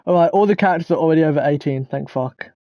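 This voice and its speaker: A man's voice: a little high, very fast, no room sound, highs cut off. A young man giving casual, jokey let's-play commentary and swearing freely. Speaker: gaming YouTuber.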